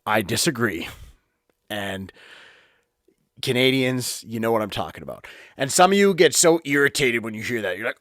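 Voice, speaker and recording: Podcast host, male, blunt and heated, middle pitch, dry room. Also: very animated, normal speed, fairly bright tone, no room sound. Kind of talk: casual opinion monologue. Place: home office.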